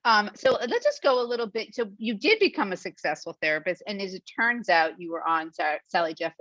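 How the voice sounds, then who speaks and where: A woman's voice: medium pitch, sing-song, fairly quick, a bit bright, dry recording, highs cut off. A woman interviewing a fellow author, asking chatty questions with hesitant restarts. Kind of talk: conversational interview over video.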